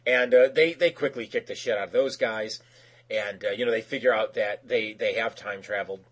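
A man's voice: on the low side, fairly quick, a bit bright. A man recapping a cartoon episode in casual chat, rambling with lots of fillers and restarts, and acting out quoted characters in raised voices.

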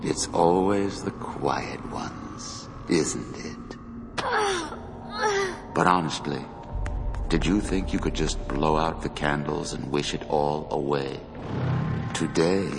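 A menacing masked supervillain, very deep and rough. He lets every word fall slowly and coldly. Clear music plays under his lines. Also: full character voice. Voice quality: deep, gravelly, measured. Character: menacing masked male supervillain, cold and taunting. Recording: dramatic score behind the voice.

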